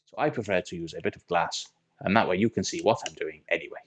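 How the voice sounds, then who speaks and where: A man's voice: sits low, fast, slight background noise. A man presenting a game tutorial voice-over, explaining the steps one by one in an accent he admits keeps wandering. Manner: methodical step-by-step explaining.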